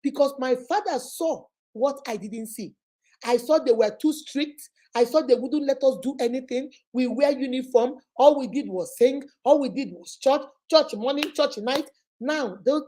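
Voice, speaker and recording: Nigerian woman, high voice, mellow tone, animated storytelling, acts out family quotes. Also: normal speed. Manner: drops Igbo words into speech. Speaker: motivational vlogger. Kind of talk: personal storytelling monologue.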